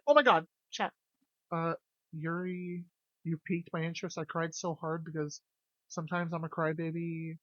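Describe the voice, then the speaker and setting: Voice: medium pitch, fairly bright tone, no echo, lo-fi sound. A streamer chatting casually with viewers, jokey and loose, swearing freely. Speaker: game streamer.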